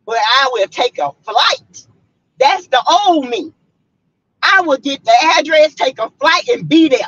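A woman's voice: high voice, animated, a little slow, a bit bright, no echo, lo-fi sound. A woman from South Carolina, a vlogger, delivering a fiery, preachy, blunt rant to her viewers from her car.

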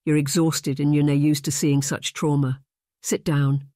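A narrator voicing a big, commanding Highlander man with a Scottish accent and blunt, authoritative speech in an audiobook. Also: little pitch movement, measured pace, mellow, dry recording, studio quality, natural voice. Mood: steady. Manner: commanding, blunt, dialect words. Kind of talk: audiobook character voice.

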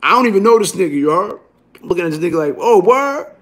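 A middle-aged man with a New York accent and a notably high voice, spinning a loose story straight to the camera. His talk is streetwise and profane, and he keeps checking in with the listener as he goes. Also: expressive, very fast, a bit bright. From Brooklyn, New York. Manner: streetwise, profane, keeps asking "you heard?". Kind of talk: casual storytelling monologue.

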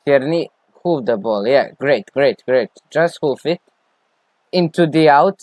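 A man talks through a football management game he is playing. He drawls along slowly, then breaks into excited shouts of player names at big chances. His voice sits dry and close to the mic. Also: mid-range voice, no room sound. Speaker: gaming video creator.

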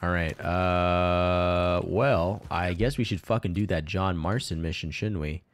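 Man, very low-pitched voice, game streamer, casual commentary, laid-back, swears a lot, chuckles often. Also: steady tone, measured pace, clear, resonant tone, no echo. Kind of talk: casual let's-play commentary.

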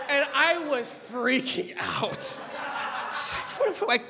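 A man from Los Angeles preaching a sermon from a church pulpit, swinging between loud shouted emphasis and relaxed, joking stories. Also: very high-pitched, takes it slowly, vocal fry. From Los Angeles, California. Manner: animated preaching, shouting for emphasis, humorous storytelling asides. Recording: long reverb of a church hall.

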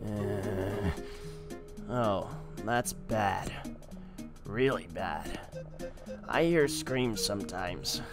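A man voicing a scruffy, spacey male beggar who speaks slowly in a low, hushed, ominous tone. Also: music in the background. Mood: hushed, spooked.

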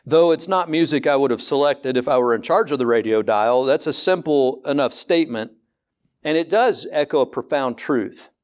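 A male pastor preaching in a candid, conversational way. His voice sits at an ordinary pitch, neither high nor low. He repeats words as he goes, slows down to stress key points and asks rhetorical questions in a rising voice. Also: expressive. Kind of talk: sermon.

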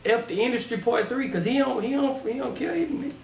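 Excitable man reacting in an echoey room. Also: very high voice, fast, vocal fry, slight background noise. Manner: laughing, excited, slangy. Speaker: reaction video host. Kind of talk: casual reaction commentary.

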